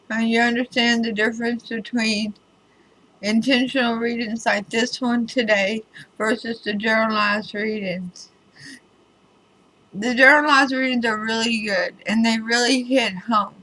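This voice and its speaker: Woman, tarot reader, slow pace, bright tone, chatty, emphatic, wry asides. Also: fairly high pitch, steady tone, low-quality recording. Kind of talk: casual spoken tarot reading video.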